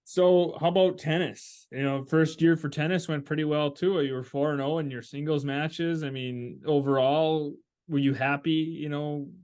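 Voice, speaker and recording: A man's voice: on the high side, steady tone, moderate pace, a little mellow, clean tone. A man hosting a podcast, asking questions in a friendly, conversational way with fillers. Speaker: podcast host. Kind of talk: casual interview chat.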